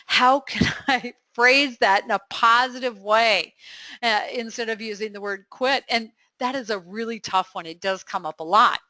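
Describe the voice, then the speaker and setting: A middle-aged woman hosting a live coaching webinar Q&A, upbeat and encouraging with quick affirmations and frequent fillers. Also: on the high side, bright, forceful tone, dry recording.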